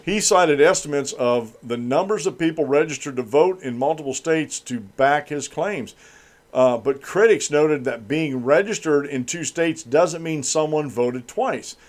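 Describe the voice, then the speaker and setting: A man's voice: on the high side, measured pace. A man hosting a political commentary show, reading news items and then ranting about them with scorn.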